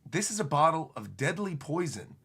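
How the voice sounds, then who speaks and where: A man's voice: fairly high pitch, big pitch swings, normal speed, a bit bright, breathy edge, pitched below the performer's own voice, heavily acted. A man voicing a menacing male pirate messenger in a cold, threatening tone, reading comic panels aloud.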